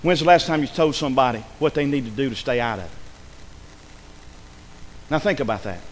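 A man's voice: mid-range voice, animated, a little fast, in a large hall, a little hiss or hum, rough recording. A male pastor preaching a sermon, repeating phrases for emphasis and building to urgent peaks. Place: church.

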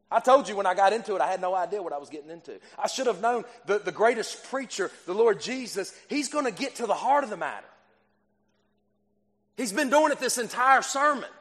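A man's voice: high-pitched, a bit bright. A man preaching a sermon in church, earnest and repeating himself, with frequent stumbles and restarts. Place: church hall. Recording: long hall reverb.

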